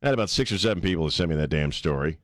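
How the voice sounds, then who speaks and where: A man's voice: a bass voice, lively intonation, very fast, no echo. A man hosting a talk radio show, ranting emphatically and laughing with his co-hosts. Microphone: studio mic.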